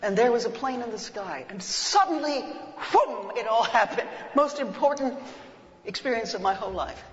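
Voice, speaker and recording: An older woman telling an animated, comic story to an audience. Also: fairly high pitch, moderate pace. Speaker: speaker. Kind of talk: humorous storytelling talk to an audience. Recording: muffled echoey hall recording.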